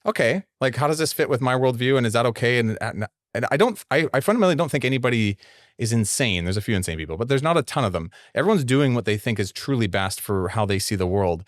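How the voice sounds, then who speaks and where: A man from Canada hosting a casual interview, talking quickly with laughing, animated asides. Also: medium pitch, no echo, studio quality. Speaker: podcast host.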